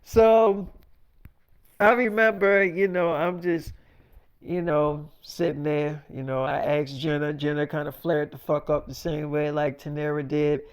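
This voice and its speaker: High-voiced man telling a story. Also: flat delivery, unhurried, smooth. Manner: rambling, profane, many fillers. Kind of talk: casual storytelling monologue.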